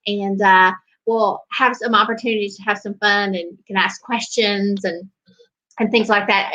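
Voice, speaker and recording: A woman from South Carolina hosts a live online interview, chatty and warm in tone, with quick bursts and fillers. Her voice is bright and fairly high, heard through a slightly dull video-call line. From Greenville, South Carolina. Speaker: show host.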